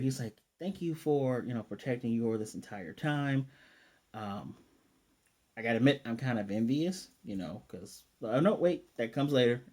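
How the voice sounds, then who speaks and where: A man's voice: mid-range voice, mellow. A man giving a casual, rambling recap of an anime episode. He chuckles as he goes and voices the characters' lines in his own voice.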